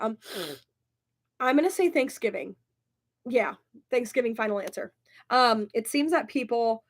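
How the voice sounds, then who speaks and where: A young woman chatting casually as she answers viewer comments in her vlog, bubbly and giggly. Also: fairly high pitch. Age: young adult. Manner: bubbly, giggly, says "oh my gosh" often. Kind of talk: casual chat.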